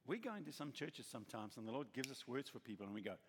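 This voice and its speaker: A man's voice: medium pitch, fast, husky. A man preaching a sermon as a pastor, telling stories and acting out the people he quotes, in a church hall. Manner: animated storytelling, acts out quoted voices. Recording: echoey hall with long reverb.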